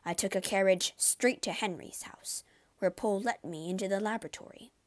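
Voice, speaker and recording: A man's voice: high voice, normal speed, lightly acted. Woman doing a shaky scared old doctor guy, trembly voice, storybook reading. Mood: storytelling. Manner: trembling, fearful. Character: frightened, shaken older male doctor.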